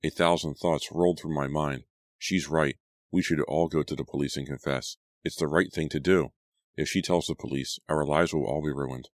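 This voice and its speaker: A man reads an audiobook aloud in a steady storytelling voice. His voice is extremely low. The recording is dry and close, with no room sound. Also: moderate pace, dry recording. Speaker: audiobook narrator. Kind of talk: audiobook narration.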